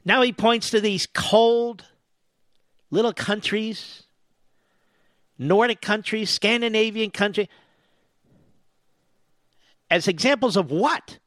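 Sarcastic high-pitched radio host man. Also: slow pace, long pauses, a bit bright, no echo. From US East Coast. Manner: sarcastic, mocking, combative. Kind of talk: opinionated talk radio monologue.

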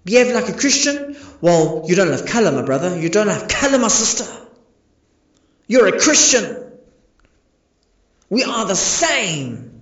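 A man preaching with a high, ringing voice, firing rhetorical questions at his congregation. The sound is echoey and a little dull, like a lo-fi recording in a reverberant room. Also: big pitch swings, measured pace, long pauses, fairly bright tone. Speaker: pastor. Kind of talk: sermon.

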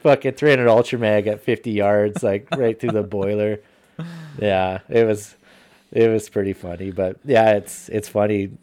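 A man telling hunting stories in casual podcast chat, profane and animated. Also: fairly low pitch, normal speed.

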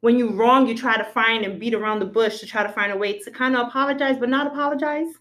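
A woman's voice: fairly high pitch, fast, fairly bright tone. A young adult woman co-hosting a podcast, talking bluntly and emphatically with plenty of profanity in a heated casual chat. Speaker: podcast co-host.

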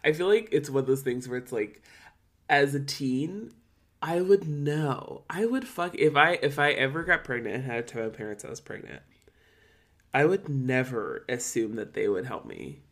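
A woman's voice: rumbling low, animated, moderate pace. A woman co-hosting a podcast in casual chat, chatty and laughing a lot. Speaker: podcast co-host.

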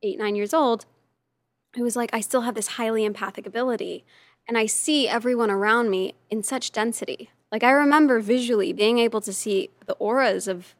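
A woman guest on a podcast, telling stories casually and lively, often slipping into quoted voices. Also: fairly high pitch, brisk, no echo. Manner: animated, lively storyteller who slips into quoted voices. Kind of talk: casual storytelling in conversation.

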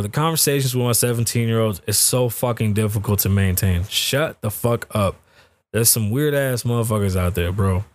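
A man's voice: on the low side, brisk, a little hiss or hum. A middle-aged man hosting a podcast, talking in a blunt, ranting, heavily profane way, with a close podcast mic. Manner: blunt, ranting, heavy swearing. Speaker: podcast host. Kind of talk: casual profane commentary.

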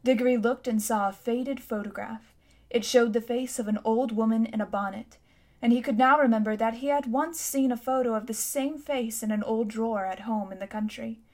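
A woman narrating a children's storybook in a calm, measured way. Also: a little high. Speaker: audiobook narrator. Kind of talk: scripted narration.

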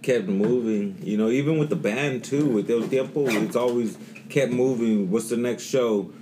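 A man's voice: mid-range voice, normal speed, noisy background. A man co-hosting a podcast, talking in a rambling way with many fillers and restarts. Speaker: podcast co-host. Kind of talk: casual podcast chat.

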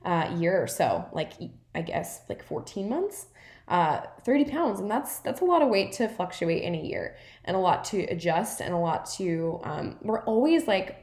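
A woman's voice: mid-range voice, darkish tone. Chatty woman coach in a roomy room. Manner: chatty, filler-heavy, with frequent "like" and "right?" tags; earnest and encouraging. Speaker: podcast host and wellness coach. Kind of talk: casual reflective monologue. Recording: roomy echo.

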